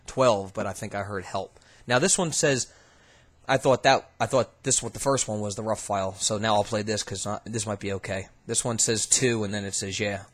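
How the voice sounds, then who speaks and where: A man hosting as a paranormal investigator, casually talking through recordings in a relaxed, halting way, thinking aloud with fillers. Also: lowish voice. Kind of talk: casual commentary reviewing recordings.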